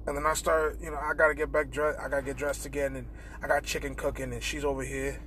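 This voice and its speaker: Young male podcast host, casual profane storyteller, slightly high voice, acts out quoted lines, faint background hum. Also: fast talker. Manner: profane, animated retelling with quoted dialogue. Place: in a car.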